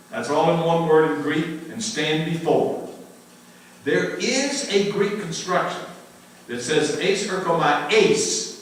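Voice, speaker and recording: An older American man teaching a church Q&A, lively and emphatic, laughing often and repeating words for emphasis. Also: fairly high pitch, slight background noise. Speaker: pastor teaching a Q&A. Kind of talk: conversational Bible teaching. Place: church sanctuary. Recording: very echoey room, mic far off.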